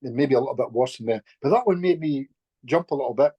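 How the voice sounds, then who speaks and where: Husky-voiced man telling a story. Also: medium pitch, fast, dry recording, lo-fi sound. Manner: lively anecdotal telling, frequent restarts and chuckles. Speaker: guest, healer. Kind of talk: casual storytelling in conversation.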